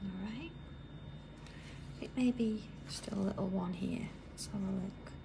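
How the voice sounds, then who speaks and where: A British woman hosting a live craft tutorial, chatting as she works and dropping to a soft whisper while she draws. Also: mid-range voice, unhurried, creaky, noisy background. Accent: British English. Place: busy indoor craft workroom.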